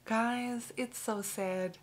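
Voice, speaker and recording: A woman's voice: a little high, fairly even intonation, very slow. A young woman talking candidly to camera in a casual personal vlog, chatty and full of "like" and "you know". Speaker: vlogger.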